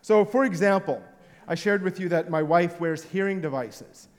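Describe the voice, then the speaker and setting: A male pastor with a notably high voice preaches to a live congregation, his words ringing through a long hall reverb. He tells stories with a playful, joking manner and gets the room to join in. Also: normal speed. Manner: playful, jokey storytelling. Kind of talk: sermon with audience participation.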